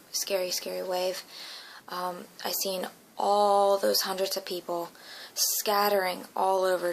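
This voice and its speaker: A woman's voice: fairly low pitch, gravelly, a bit bright, slight background noise, low-quality recording. A woman earnestly recounting a dream as a personal testimony, emotional and often dropping into a whisper.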